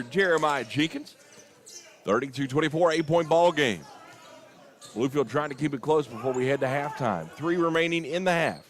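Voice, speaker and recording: A young man calling a basketball game play-by-play, openly partisan and quick to get worked up over big plays and missed calls. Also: medium pitch. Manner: excitable, rises sharply on big plays and disputed calls; openly partisan, admits getting emotional. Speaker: play-by-play announcer. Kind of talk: live basketball commentary.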